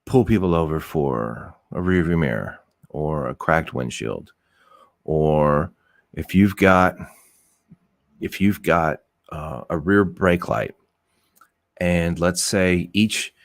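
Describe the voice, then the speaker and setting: A middle-aged man with a very low voice talks bluntly in a loose, rambling way, often restarting his sentences and swearing as he makes his points. The sound is dry and close. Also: slow pace, vocal fry, no echo. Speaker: podcast host. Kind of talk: casual opinionated talk.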